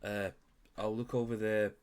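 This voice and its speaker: A man's voice: lowish voice, flat delivery, unhurried, darkish tone, clean tone. A man running a tabletop game as game master, talking casually, apologizing and swearing freely.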